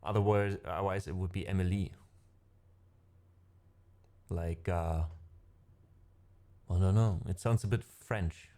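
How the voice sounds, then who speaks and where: A man's voice: low voice, unhurried, long pauses, warm tone. A man, not a native English speaker, chatting casually with his livestream audience between piano pieces, rambling and correcting himself. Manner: rambling, self-correcting, laughs often. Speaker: music streamer.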